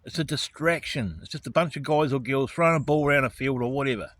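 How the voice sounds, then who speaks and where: A man's voice: mid-range voice, quick pace, a bit bright. Profane, ranting man. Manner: angry, profane, righteous indignation. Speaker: vlogger. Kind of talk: ranting monologue to camera.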